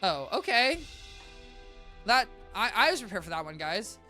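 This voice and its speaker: A man's voice: high-pitched, big pitch swings, measured pace, bright, forceful tone, soft background music. A young man streaming a video game, rambling in a casual, self-deprecating way and talking to his chat as "guys". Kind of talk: casual gaming commentary.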